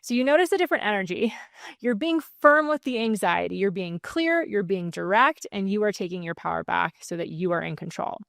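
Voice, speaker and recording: A woman sleep coach teaching calming techniques in a soothing, gently firm way, with light laughs between points. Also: medium pitch, fairly quick, creaky, dry recording, clean studio sound. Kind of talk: calm self-help teaching to camera.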